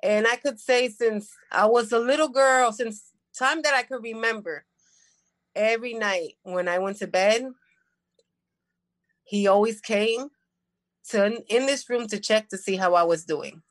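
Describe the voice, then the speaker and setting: A woman's voice: a little high, a little slow, pauses often, dry recording, rough recording. A woman in her fifties, from New York, giving a heartfelt, tender tribute to her father on a family video call. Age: 50s.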